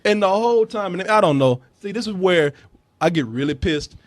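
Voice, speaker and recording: A man hosting a casual movie review chat, ranting in a profane, animated way. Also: sits high, brisk, no room sound. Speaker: movie review show host.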